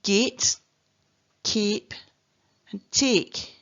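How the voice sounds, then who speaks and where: A Scottish woman guides young learners through a phonics lesson, sounding out each word and letter with patient care. She speaks slowly at a middling pitch. The recording is a little muffled and lo-fi. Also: steady tone, fairly bright tone. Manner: slow, careful, clearly spelling out letters and sounds. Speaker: teacher. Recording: dull lo-fi recording.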